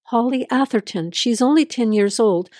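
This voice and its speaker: A woman's voice: fairly high pitch, normal speed, a little mellow, no echo, clean studio sound, lightly acted. A woman voicing a frantic mother at a hospital in an audio drama reading, urgent and pleading. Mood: anxious.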